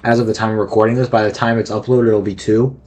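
A man's voice: lowish voice, level tone, fast talker, darkish tone. Joking, profane gamer man. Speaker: gameplay commentator. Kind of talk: casual gaming commentary.

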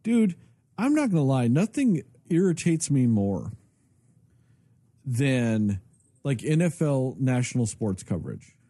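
A male podcast co-host rants in a casual, profane way, his pitch swinging widely. His voice is dark and a little husky. The sound is dry and close. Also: slow, long pauses, dry recording. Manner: profane, ranting, animated. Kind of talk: casual chat.

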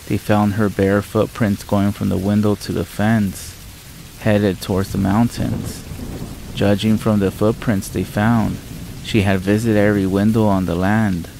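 Gravelly low-voiced man narrating horror. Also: slight background noise, low-quality recording. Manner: calm, measured storytelling. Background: rain and thunder ambience.

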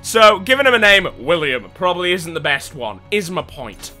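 A man's voice: high-pitched, sing-song, moderate pace, bright, forceful tone, soft background music. A young British man from England commentating a video game playthrough, rambling with sardonic, sweary asides. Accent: British English. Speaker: gaming YouTuber. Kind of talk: let's play commentary.

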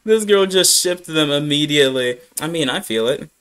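A man's voice: on the high side, animated, normal speed, a bit bright. A young man hosting a reaction video, chatting casually and joking back at the screen.

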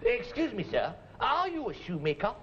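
A man voicing a cheeky, excitable male fox puppet who jokes and giggles a lot, heard on a dull 1970s TV recording with a studio audience. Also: moderate pace, a little hiss or hum, heavily acted. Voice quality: high, giggly, punning.

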